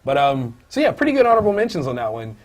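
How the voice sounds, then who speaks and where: An animated man co-hosts a comic book review podcast in casual chat, talking very fast. He jumps into loud, high outbursts, uses many fillers, and thinks aloud.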